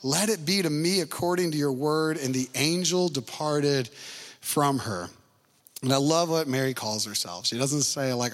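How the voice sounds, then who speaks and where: A young adult man preaching a sermon in a relaxed, conversational way, playfully acting out the people in the story. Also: a little high, a little slow, in a large hall. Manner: conversational, playful, acts out quoted lines. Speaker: pastor.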